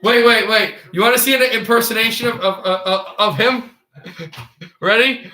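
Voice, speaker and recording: A man's voice: high-pitched, moderate pace, sharp tone, echoey room, rough recording. A young man from the United States giving casual play-by-play hockey commentary on a livestream, often stammering and repeating words.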